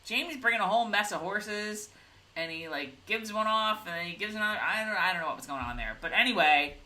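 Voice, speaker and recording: Bright, lively woman recapping a show. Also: mid-range voice, fast. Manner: animated, giggly, acts out scenes in voices. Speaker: podcast co-host recapping a TV episode. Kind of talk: casual chat.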